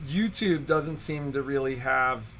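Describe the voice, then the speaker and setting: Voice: mid-range voice, a little slow, a bit bright. A co-host of a shop livestream chatting casually and thoughtfully, rambling with fillers, from the sewing shop. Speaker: store co-host.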